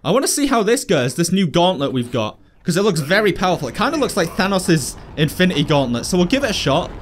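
A young man hosting a virtual reality game video, commentating excitedly and chatting playfully with his opponents. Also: high-pitched, fast talker, a little hiss or hum. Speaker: gaming video host. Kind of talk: VR gameplay commentary.

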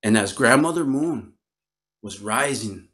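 A man from Northern Wisconsin telling a traditional story aloud, slow and gentle, with repetitions and pauses. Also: mid-range voice, animated. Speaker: Ojibwe storyteller. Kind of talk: oral storytelling. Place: online virtual event.

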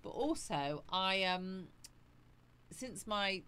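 A woman with a bright, pushed, mid-range voice and lively intonation stretches out her words on a casual livestream. She chats breezily, reads out viewer comments, greets people by name, and laughs a lot, with slight background noise.

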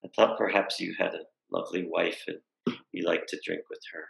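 A man's voice: low-pitched, steady tone, brisk, vocal fry, fairly bright tone, echoey room, exaggerated voice, rough recording. A man voicing a kind, soothing elderly man in a kimono within a spoken story. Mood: gentle. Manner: mild, friendly invitation.

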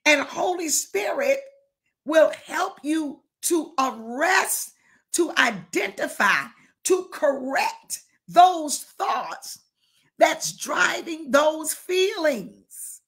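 A woman's voice: high-pitched, very animated, very slow, fairly bright tone. A woman bishop preaching a fervent sermon, firing rhetorical questions and calling out to listeners, sometimes dropping to a whisper.

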